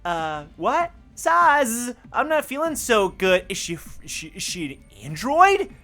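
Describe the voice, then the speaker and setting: A streamer giving let's play commentary with jumpy, excitable reactions while reading a story game aloud. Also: mid-range voice, takes it slowly, faint music behind.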